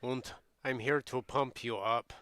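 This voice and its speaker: A man putting on the voice of a burly, bossy woman with a German accent, gruff and threatening. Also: mid-range voice, fairly even intonation, a little slow, bright, forceful tone, no room sound. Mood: pumped.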